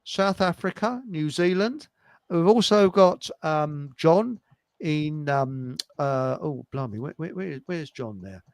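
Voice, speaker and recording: A man's voice: on the high side, lively intonation, slow, no echo. An English man co-hosting a casual live stream, reading out listener comments with jokes and trailing mumbles. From England. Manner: jokey, chatty, trails off into mumbles.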